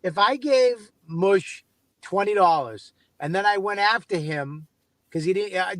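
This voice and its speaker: A man's voice: high-pitched, animated, moderate pace, a bit bright, poor audio. A man co-hosting a podcast in casual chat, teasing and scolding his partner in an incredulous, profane way. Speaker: podcast co-host.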